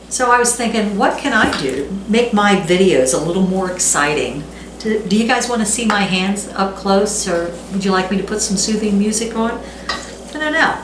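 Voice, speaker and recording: A woman's voice: mid-range voice, noisy background. A middle-aged woman hosting a home cooking video, chatting casually and reading recipe steps aloud with self-deprecating asides. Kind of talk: casual cooking vlog chat. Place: home kitchen. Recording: echoey kitchen with clattering dishes.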